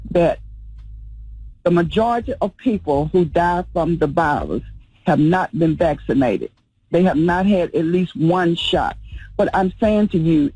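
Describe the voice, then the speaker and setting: A woman's voice: fairly low pitch, dark tone, husky, no room sound, low-quality recording. A woman, a funeral home owner, speaking earnestly as a guest on a radio show. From Birmingham, Alabama, US. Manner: earnest, explanatory. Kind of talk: radio interview.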